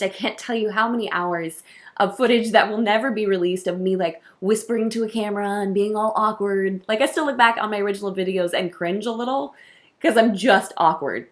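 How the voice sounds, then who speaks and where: A woman who works as a wedding coordinator, talking to camera in a casual vlog, effusive and heartfelt with soft laughs. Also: mid-range voice.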